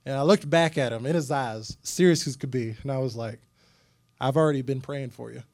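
A man's voice: mid-range voice, fairly quick. A young man speaking as a youth pastor to a group, telling a personal story in a loose, conversational sermon, full of fillers like "you know". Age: young adult. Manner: animated and conversational, many fillers.

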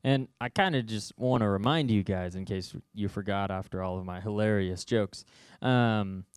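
A young man delivering a casual sermon to a youth group. His storytelling is joking and conversational. His voice sits on the low side, and the recording is dry and close. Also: normal speed, hardly any pauses, smooth, dry recording. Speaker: youth speaker.

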